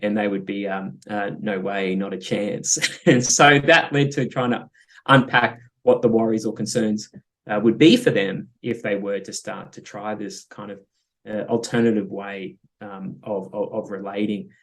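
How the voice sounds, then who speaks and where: A man's voice: lowish voice, steady tone, normal speed, fairly bright tone. A man speaking as a guest psychologist in an interview, thoughtful and hesitant, with many fillers and light laughs. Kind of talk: interview conversation.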